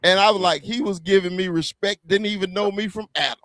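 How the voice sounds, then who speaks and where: A man from the American South with a Southern accent, a guest bantering on a fan podcast, animated, stammering and swearing. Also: sits high, brisk, no echo. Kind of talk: heated casual banter.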